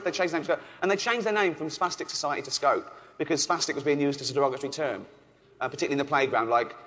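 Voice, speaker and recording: A man from England doing a deadpan, offhand stand-up routine on stage at a charity event. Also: on the high side, in a large hall. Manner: deadpan, offhand, with frequent ums and chuckles. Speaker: stand-up comedian. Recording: noisy live venue.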